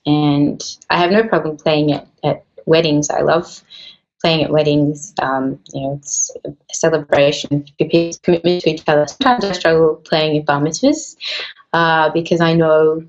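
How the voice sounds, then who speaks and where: A woman's voice: low voice, fairly even intonation, moderate pace, lo-fi sound. A woman musician, speaking thoughtfully in a casual interview. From Australia. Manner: soft-spoken, thoughtful, with frequent fillers. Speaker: musician guest.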